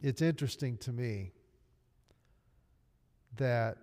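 A man's voice: mid-range voice, slow pace, darkish tone. A man preaching a sermon as pastor, telling an emotional story in an earnest, heartfelt way. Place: church sanctuary. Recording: long reverb of a church hall.

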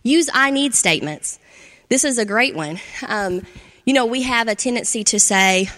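A woman with a fairly high, somewhat bright voice gives adults an instructional talk on parenting. She speaks conversationally at a moderate pace with lively intonation, often checking in with "right?" and "okay?". A long reverb makes it sound like a big hall.

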